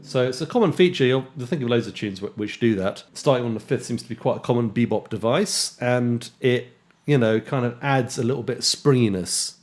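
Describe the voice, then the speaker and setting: A man teaching jazz guitar in a relaxed way, counting beats aloud and scatting rhythms. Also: medium pitch, fairly quick. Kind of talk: casual instructional talk with counting and scatting. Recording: guitar playing underneath speech. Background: loud guitar music.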